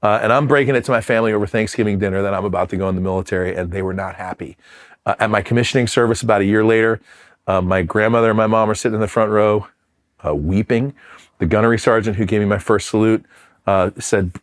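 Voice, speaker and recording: A man's voice: lowish voice, fairly even intonation, fast talker. A middle-aged man from Philadelphia, a former Marine fighter pilot, telling his story in an interview in a candid, self-deprecating way with restarts and fillers. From Philadelphia, USA.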